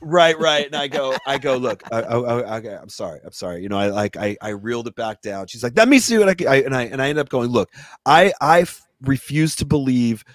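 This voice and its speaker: A man's voice: medium pitch, brisk, no echo, clean studio sound. A man hosting a radio talk show, telling a long story in a casual, swearing rant and acting out what other people said. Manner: animated, swears, acts out quoted people.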